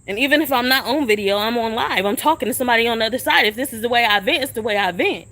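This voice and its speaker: A woman's voice: on the high side, rapid-fire, fairly bright tone. A young woman ranting on a phone live stream outdoors at a shelter, confrontational and profane, firing the same questions again and again. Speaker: livestreamer. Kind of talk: venting live-stream rant.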